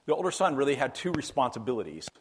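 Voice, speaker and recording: A man's voice: medium pitch, sing-song, fast talker, a little hiss or hum. A man preaching a sermon as a pastor, in a conversational, emphatic way that repeats key phrases for weight.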